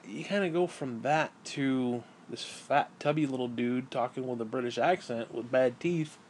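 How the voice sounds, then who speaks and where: An exasperated man rants at a middling pitch, swearing freely and tripping over restarts between heavy sighs. A faint hiss of noise sits under his voice. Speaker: gaming and wrestling commentator. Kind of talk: angry rant.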